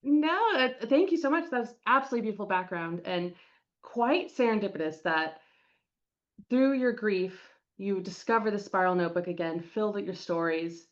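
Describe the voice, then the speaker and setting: A woman's voice: mid-range voice, lively intonation, normal speed. Woman host replying to her guest, kind of muffled lo-fi audio. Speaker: talk show host. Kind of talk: casual interview chat. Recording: dull lo-fi sound.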